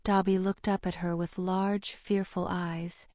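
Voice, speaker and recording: A woman narrating a fan fiction audiobook in a steady, measured reading. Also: on the low side, no room sound, studio quality.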